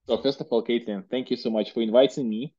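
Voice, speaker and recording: A man's voice: medium pitch, steady tone, fast, no room sound, highs cut off. A man in his thirties from Russia with a Russian accent, chatting as an interview guest and filling his talk with "like" and "you know". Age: 30s. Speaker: guest entrepreneur. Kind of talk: casual interview conversation.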